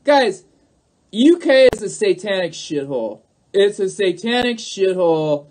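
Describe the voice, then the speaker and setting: On a livestream, a man with a high-pitched, sing-song, slightly mellow voice speaks at a measured pace directly to his viewers. His monologue is emphatic and repetitive, and he keeps calling out to them again and again.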